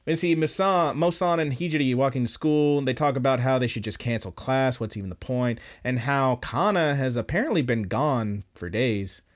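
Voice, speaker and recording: A man on a podcast casually retelling an anime episode, loose and profane, with lots of fillers. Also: medium pitch. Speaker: podcast host.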